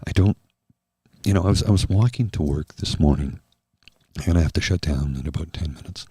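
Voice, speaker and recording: Super deep husky guy doing a soft asmr chat stream, slow and heartfelt, dry close mic. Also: no echo. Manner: slow, earnest and heartfelt, addressing viewers by name. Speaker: livestream host.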